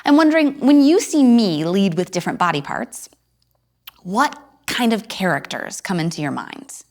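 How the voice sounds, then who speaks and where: Low-voiced woman teaching acting to viewers at home; she explains and then demonstrates each voice, jumping suddenly up or down. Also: sing-song, unhurried.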